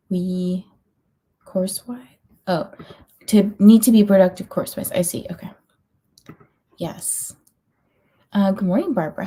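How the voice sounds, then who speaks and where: A woman in the middle of her voice range chats casually with her livestream viewers. Her tone is mellow and warm rather than bright, and she sounds sleepy, yawning now and then. She fills her talk with ums and likes and small laughs. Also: medium pitch, husky. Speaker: livestream host of reading sprints. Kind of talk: casual chat reading out viewer comments.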